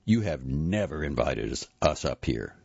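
A man's voice: a bass voice, big pitch swings, unhurried, gravelly, a little mellow, husky, dry recording, muffled recording, heavily acted. A man reading an audiobook, voicing a grown son who sounds incredulous and accusing toward his mother.

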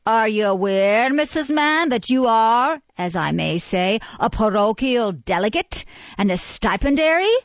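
A woman's voice: fairly high pitch, animated, measured pace, no room sound, highs cut off. A woman reading aloud, voicing a pompous, self-important male parish official who loves his own oratory. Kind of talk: audiobook character reading.

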